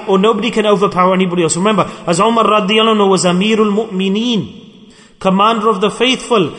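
A man's voice: high voice, fairly bright tone. A man giving an emphatic sermon. He questions his listeners directly and calls for their answers. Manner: emphatic, questions the audience and demands call-and-response. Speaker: preacher. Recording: long hall reverb.

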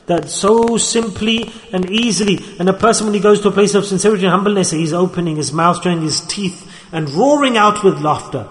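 A man's voice: high voice, a little fast, a little hiss or hum. A man giving an earnest sermon as a religious teacher, repeating and stressing key phrases. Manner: earnest, repetitive, emphatic phrasing. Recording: echoey hall.

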